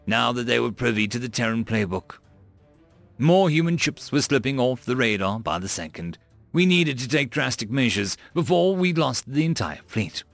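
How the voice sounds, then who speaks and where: A male narrator telling a science-fiction audiobook with a gravelly voice that rises and falls widely. The close, dry recording carries faint music underneath. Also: mid-range voice, dry recording.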